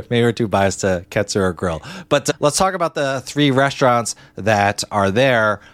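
A man's voice: fairly low pitch, animated, normal speed, no room sound. A middle-aged man co-hosting a podcast, chatting casually with fillers and self-deprecating asides. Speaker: podcast co-host. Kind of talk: casual chat.

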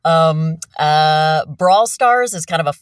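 Give me a halting, casual woman from New Jersey, heard on a remote line in a small dry booth. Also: deep voice, expressive, dry recording, far from the mic. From northern New Jersey. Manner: hesitant, lots of ums and restarts. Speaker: voiceover actress guest. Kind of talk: casual interview chat. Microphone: remote call from a small home booth.

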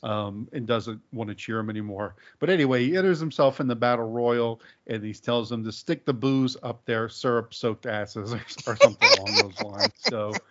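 A man's voice: medium pitch, sing-song, moderate pace, hardly any pauses, fairly bright tone. A man hosting a casual podcast, talking in a laid-back, rambling way with lots of fillers. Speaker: podcast host. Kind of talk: casual wrestling podcast chat. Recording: dull lo-fi podcast audio.

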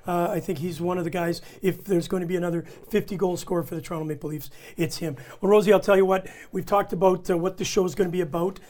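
A man's voice: high voice, steady tone, fast, hardly any pauses, darkish tone. A man hosting a casual talk show, easygoing and chatty. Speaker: host. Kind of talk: casual chat.

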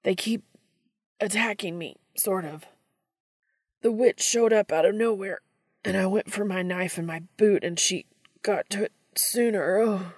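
A woman's voice: medium pitch, measured pace, darkish tone, slightly rough, dry recording, studio quality. A woman voicing a flustered young man in trouble in a fan fiction reading, whining and breathless. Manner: whiny, breathless, raised.

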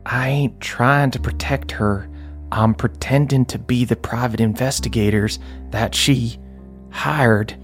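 A man's voice: medium pitch, steady tone, measured pace, faint music behind, natural voice. A man voicing a powerful male city boss with a Southern accent, brusque and bossy. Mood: impatient.

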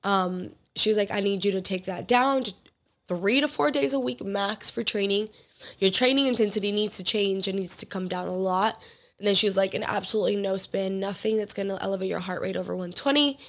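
A young woman hosting her own podcast, hoarse from illness, talking candidly and rambling in casual solo chat. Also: mid-range voice, fairly quick, fairly bright tone. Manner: candid, rambling, quotes others in conversation. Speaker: podcast host; fitness trainer and athlete.

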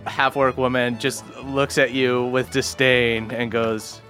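A man narrating a tabletop game as game master, setting scenes in slow, descriptive detail. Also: mid-range voice, level tone, fairly bright tone, soft background music.

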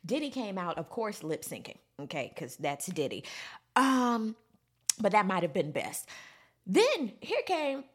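A woman giving sassy, animated casual commentary, breaking into squealing high quotes. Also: unhurried, husky.

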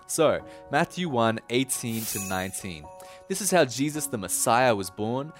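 A young man giving a casual Bible teaching, chatty and animated, often laughing as he tells the story. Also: medium pitch, moderate pace, faint music behind. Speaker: preacher.

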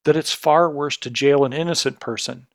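A man's voice: a little high, moderate pace, no room sound, clean studio sound. A middle-aged man giving earnest, scripted podcast commentary that turns indignant. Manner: earnest and indignant, building to pointed outrage. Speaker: podcast host, healthcare consultancy CEO.

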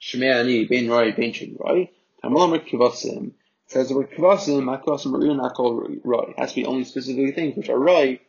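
A man's voice: mid-range voice, fast talker, gravelly, darkish tone. A man teaching a religious text, reading short Hebrew phrases and translating each into English, often repeating words as he searches for the translation. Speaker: Torah teacher. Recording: dull lo-fi recording.

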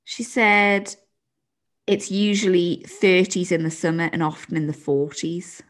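A woman's voice: lowish voice, unhurried. A woman hosting a podcast in casual chat, laid-back and teasing, laughing often and passing on listener messages. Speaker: podcast host.

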